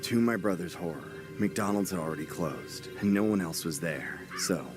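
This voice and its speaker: A man's voice: low-pitched, normal speed. A man narrating a horror story in a dramatic scripted style. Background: music.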